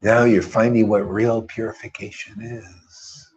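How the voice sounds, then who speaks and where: A man's voice: lowish voice, fairly even intonation, measured pace. Guy preaching off the cuff, fervent and rambly, says man a lot, kinda dull lo-fi sound. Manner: mocks others in put-on quoted voices. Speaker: spiritual teacher. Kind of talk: informal preaching monologue.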